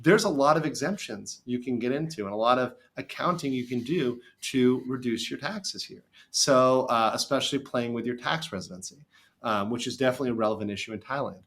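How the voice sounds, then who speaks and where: A middle-aged American man, an attorney, talking as a guest on a podcast, emphatic and lively when telling stories. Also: mid-range voice, brisk. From USA. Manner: animated, emphatic storyteller. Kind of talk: casual podcast interview.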